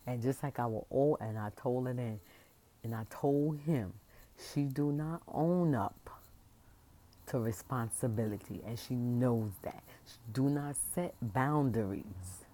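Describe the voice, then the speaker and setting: A woman's voice: a bass voice, a little slow, dark tone. A woman venting at length to her camera, her voice rising and pressing hard on each point as she rambles on. Her speech is passionate and emphatic, with the loose, unscripted flow of a casual vlog rant.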